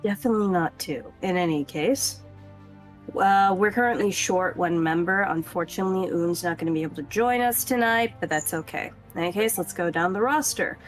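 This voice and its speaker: A woman running a tabletop game over voice chat, recapping the last session in a casual, quick way with many fillers. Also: lowish voice, soft background music. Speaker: game master.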